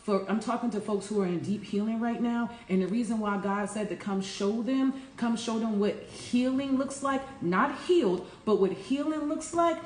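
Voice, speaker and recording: A woman's voice: fairly high pitch, moderate pace, few pauses, a little mellow, roomy sound, a little hiss or hum. A woman life coach giving an earnest, preachy morning talk and calling her listeners y'all. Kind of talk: casual inspirational morning talk.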